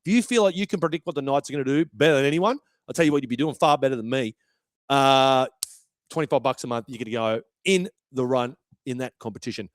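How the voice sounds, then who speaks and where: A young Australian man hosts a sports podcast, chatty and brash, swearing freely through his casual commentary. He talks fast at a medium pitch, and the recording is dry.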